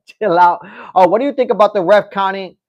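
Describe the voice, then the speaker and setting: A man's voice: high voice, moderate pace, no room sound. A man hosting a casual livestream, rambling through fight picks and reading chat comments aloud, often repeating himself. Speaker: livestream host.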